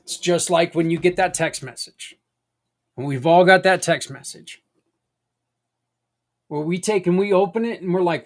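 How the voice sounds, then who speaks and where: Speaking at a moderate pace with long pauses, a middle-aged podcast host uses a high-pitched voice. His talk is conversational and homespun, wandering off into asides.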